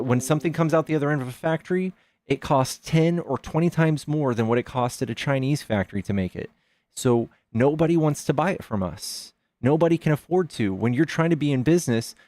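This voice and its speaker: A man's voice: mid-range voice, darkish tone, no room sound. A man hosting a live debate stream, arguing hard, swearing and firing off rhetorical questions. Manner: argumentative, profane, fires rhetorical questions.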